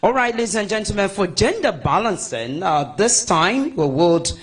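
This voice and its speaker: Male MC, brisk announcer delivery, higher voice. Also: husky. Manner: lively, hurried introductions. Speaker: master of ceremonies. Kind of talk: event hosting.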